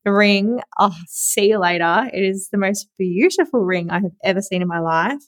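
Young aussie woman rambling on her podcast, excitable, laughy, bit sweary, dry close sound. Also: medium pitch, normal speed, no room sound. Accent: Australian. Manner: chatty and excitable, laughs often, swears casually. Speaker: podcast host. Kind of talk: casual solo podcast storytelling.

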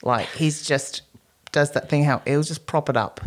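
A woman, chatting casually, telling lively stories full of restarts and acted-out quotes. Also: sits low, moderate pace. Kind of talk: casual chat.

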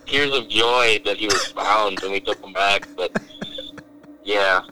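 A man telling a rambling story to friends in casual chat, animated and crude, acting out what others said. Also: fairly low pitch, measured pace, a crowd in the background, poor audio.

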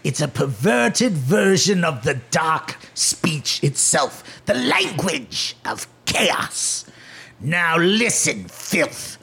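A sneering orc with a gravelly, crackling growl, as a man puts him on, drawling slowly with a sharp, bright edge. His voice sits high and swings widely as he spits out insults at the players. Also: sing-song, exaggerated voice. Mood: scornful. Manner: slow, scornful, barking insults. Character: menacing gravelly orc, contemptuous. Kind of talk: tabletop game voice acting.

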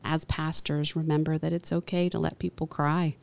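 A middle-aged woman chaplain with a low, slightly gravelly voice talks in an interview. Her tone is earnest and gentle, like someone giving counsel. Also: level tone, normal speed. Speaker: hospital chaplain and pastor. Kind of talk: conversational interview.

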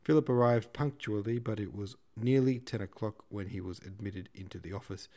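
A man hosting a podcast, reading a classic novel aloud in a steady, measured way. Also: lowish voice. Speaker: podcast host and reader.

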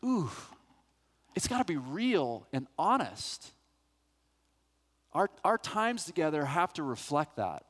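A middle-aged male pastor telling a personal story as part of a sermon, animated and acting out the voices of the people in it. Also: a little high, slow pace, long pauses. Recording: long hall reverb.

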